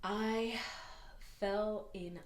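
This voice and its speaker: A woman's voice: mid-range voice, fairly even intonation, extremely slow. A young woman chatting casually about her thrift haul for resale, gushing and laughing often. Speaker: reseller vlogger. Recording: echoey room.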